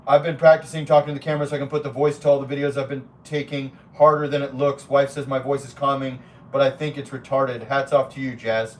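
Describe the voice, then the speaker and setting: A man's voice: mid-range voice, little pitch movement, quick pace, distant mic, slight background noise. A man live streaming in a casual way, reading chat comments aloud and talking bluntly with plenty of swearing and rambling asides.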